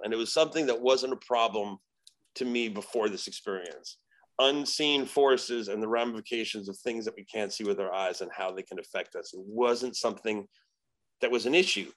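Animated, profane male storyteller. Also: medium pitch, a little fast, low-quality recording. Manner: animated, profane, acts out quoted voices. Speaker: podcast guest. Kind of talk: casual storytelling.

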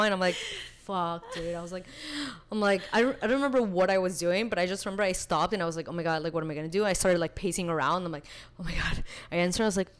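A young woman chatting casually, telling a personal story in an animated way with lots of filler words. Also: mid-range voice, smooth. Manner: chatty, animated, full of filler likes, laughs while telling. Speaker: podcast guest.

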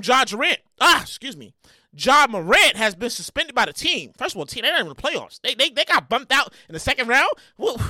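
A man hosting his own podcast with loud, comedic commentary, repeating himself, swearing freely and bursting into shouts. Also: very high-pitched, no echo, studio quality. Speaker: podcast host.

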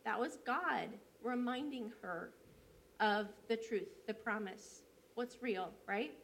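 A woman's voice: on the high side, takes it slowly, a bit bright, slight background noise. Woman preaching a conversational sermon. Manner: conversational storytelling with fillers. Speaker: church elder preaching. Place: church.

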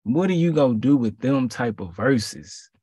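A man giving a casual sermon in relaxed slang, repeating his phrases for emphasis. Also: medium pitch, normal speed, slightly rough, dry recording, clean studio sound. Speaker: preacher.

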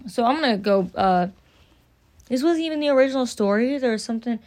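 Young woman, fairly high voice, casual profane storyteller who rambles, podcast host. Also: fairly quick, no room sound. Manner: profane, rambling, animated anecdotes.

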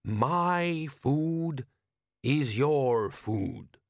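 A man putting on a slow, solemn desert wise man. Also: medium pitch, animated, no room sound, clean studio sound, pitched above the performer's own voice. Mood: stately. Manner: very slow, stately, measured phrasing. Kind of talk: audiobook character voice.

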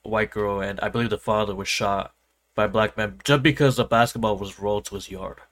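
A man's voice: fairly low pitch, steady tone, a little fast, a bit bright. A man co-hosting a podcast, talking politics in a hesitant way with many fillers. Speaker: podcast co-host. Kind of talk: political chat.

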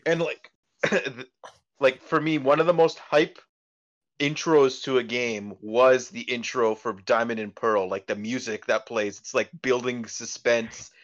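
A man's voice: medium pitch, a little slow. Man chatting over a dull lo-fi mic. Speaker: podcast co-host. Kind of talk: casual podcast chat.

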